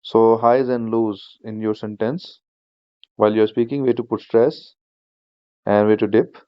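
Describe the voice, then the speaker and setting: A man teaching an online speaking-skills class, explaining each point slowly and repeating himself, with plenty of fillers like "you know". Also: lowish voice, steady tone, clean tone, no echo, lo-fi sound. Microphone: shared screen video class.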